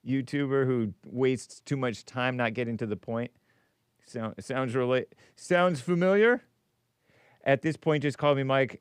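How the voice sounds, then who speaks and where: A man's voice: mid-range voice, normal speed, clean tone, no room sound. A man hosting a casual call-in show, reading viewer messages aloud and joking with chuckles. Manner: joking, chuckles while talking. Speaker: talk show host.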